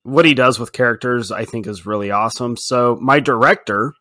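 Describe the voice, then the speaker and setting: A man co-hosting a podcast, talking in a relaxed casual way and laughing easily. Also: mid-range voice, a little fast, no echo, clean studio sound. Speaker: podcast co-host. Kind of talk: casual chat.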